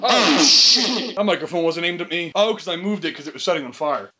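High, bright-voiced rambling young man. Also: brisk, faint music behind. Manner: rambling, profane, excitable. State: sleep deprived, tired. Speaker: vlogger. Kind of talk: chaotic comedy vlog. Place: home basement.

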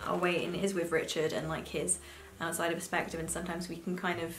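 Girl in her 20s rambling about books, kinda low voice, echoey room with faint music behind. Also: level tone, quick pace. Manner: chatty, swears freely, many fillers. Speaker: book vlogger. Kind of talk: casual chat.

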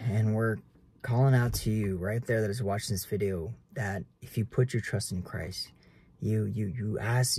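A man's voice: lowish voice, mellow, breathy edge. A man in his twenties preaching earnestly to camera in casual talk, keeps calling viewers guys. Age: 20s. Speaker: realtor vlogger.

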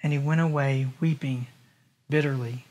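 A man's voice: mid-range voice, steady tone, normal speed, darkish tone. A male pastor preaching a sermon to his congregation, talking conversationally and asking them rhetorical questions. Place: church in Las Vegas.

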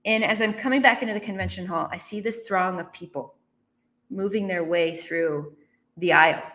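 A woman's voice: on the low side, normal speed, fairly bright tone. A woman in her thirties or forties telling a personal business story as a motivational speaker, acting out her own reactions with laughs.

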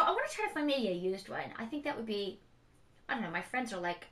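A middle-aged woman rambles in a casual vlog, frank and emotional as she talks. Her voice sits a little high and sounds bright and clear. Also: animated, quick pace. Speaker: beauty vlogger, mother. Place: home.

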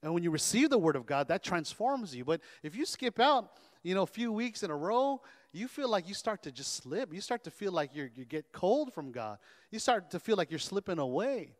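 A pastor preaches with a high-pitched voice, animated and calling for amens from his church. His words carry the long, ringing reverb of a large sanctuary. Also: moderate pace. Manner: animated, call-and-response preaching. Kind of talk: sermon.

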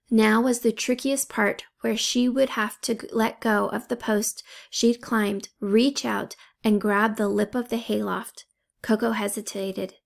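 A woman reading a children's novel aloud, steady in the telling and dropping to breathy whispers when the tension rises. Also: mid-range voice. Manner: steady storytelling with breathy whispers in tense moments. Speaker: audiobook reader.

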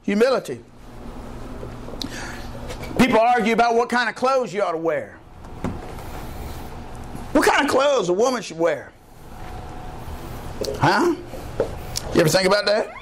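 A man preaching a sermon as pastor, telling folksy stories and climbing into excited high bursts. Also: unhurried, long pauses, a little hiss or hum. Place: church.

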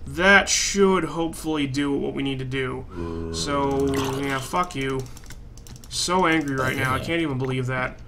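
A man giving gameplay commentary, swearing a lot and flaring into loud frustrated outbursts. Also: mid-range voice, lively intonation, measured pace, slight background noise. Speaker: let's play gamer.

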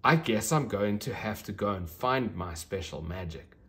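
A man voicing a gentle, hopeful young female unicorn in a children's storybook reading, sweet and full of wonder. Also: on the low side, animated, moderate pace. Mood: determined.

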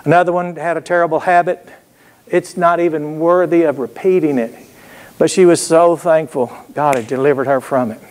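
A man's voice: fairly high pitch, steady tone, normal speed, a little mellow. A man preaching a sermon, telling folksy stories and throwing call-and-response asides to the congregation. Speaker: pastor.

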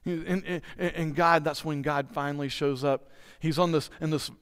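High, smooth-voiced man preaching in a reverberant church. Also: fairly even intonation, normal speed, fairly bright tone. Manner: earnest, questions the congregation directly. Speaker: pastor. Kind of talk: sermon. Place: church sanctuary. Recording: long hall reverb in a church.

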